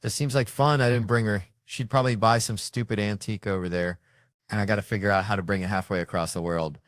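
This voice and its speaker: A man's voice: on the low side, steady tone, fast, no room sound, clean studio sound. A man, a touring comedian, chatting casually as an interview guest and telling rambling, joking stories. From United States.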